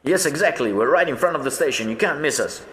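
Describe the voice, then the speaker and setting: A man voicing a calm, matter-of-fact scheming male driver. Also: on the high side, fast talker. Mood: businesslike. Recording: roomy echo, faint noise.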